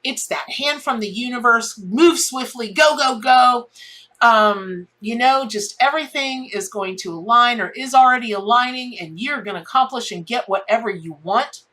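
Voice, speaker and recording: A woman's voice: a little high, normal speed, pushed and bright. A middle-aged woman giving a casual spoken tarot reading. She rambles in a heartfelt way, often repeating herself and restarting her sentences. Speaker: tarot reader.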